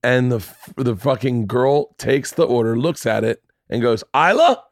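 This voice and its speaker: Swearing, animated male podcast host. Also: medium pitch, normal speed, dry recording, studio quality. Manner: animated storyteller, swears freely, acts out voices. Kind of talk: casual storytelling chat.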